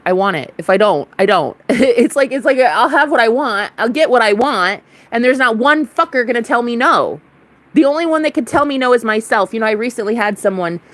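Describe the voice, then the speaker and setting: A young woman vlogger ranting to camera in a casual spiritual monologue, blunt, defiant and full of swearing. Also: medium pitch.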